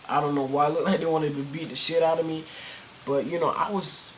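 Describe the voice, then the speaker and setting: A man's voice: on the high side, flat delivery, fairly quick, a little hiss or hum, rough recording. A teenage boy telling a story in a casual vlog, rambling with many fillers and restarts and plenty of cursing. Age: teens. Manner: cursing, slangy.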